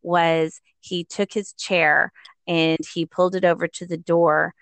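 A middle-aged woman tells her story in an animated, conversational way, slipping into the voices of the people she quotes. Her voice sits a little low. The sound is dry and close to the mic. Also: a little slow, clean tone, dry recording. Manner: animated, acts out quoted voices, laughs often. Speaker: guest, parent.

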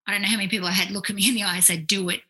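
A woman, a clinical psychologist, telling stories in a casual, animated way, full of fillers and quoted asides. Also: medium pitch, very fast, rough recording. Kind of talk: casual storytelling in conversation.

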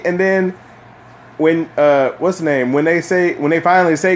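A young man hosting a casual solo chat, rambling and swearing, with lots of fillers and animated bursts when he rants. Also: a little high, moderate pace, a little hiss or hum. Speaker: podcast host.

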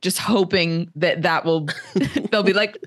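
Woman podcast co-host, lower voice, casual retelling that slips into characters' lines, dry close sound. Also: slow, dry recording. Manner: chatty, laughs often, heavy use of "like". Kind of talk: casual chat recapping a book chapter.

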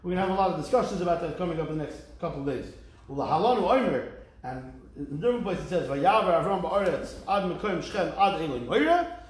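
Rabbi lecturing in an echoey room. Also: male voice, high voice, lively intonation, quick pace. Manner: explains texts, reading Hebrew verses with a rising lilt; jokey asides with the class. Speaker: rabbi teaching Talmud. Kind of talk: Talmud class lecture.

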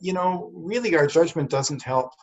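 A man's voice: on the high side, moderate pace. A man co-hosting a podcast, telling a story in an earnest, reflective way. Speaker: podcast co-host. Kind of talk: casual conversation, storytelling. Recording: dull lo-fi sound.

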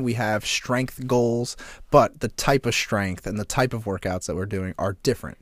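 Man, podcast co-host, casual and animated storyteller, swears freely, dry close sound. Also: dry recording. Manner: animated storyteller, swears a lot, jumps into squeaky mocking voices.

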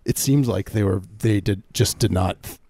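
A man co-hosting a podcast, talking in halting casual chat with many fillers and dry humor. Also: lowish voice, gravelly, dark tone, no echo. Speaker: podcast co-host.

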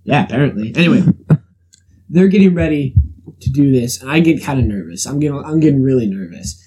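A man's voice: medium pitch, animated, a little fast, warm tone, breathy edge, rough recording. A young man telling a rambling, jokey story in casual chat as a co-host, full of fillers.

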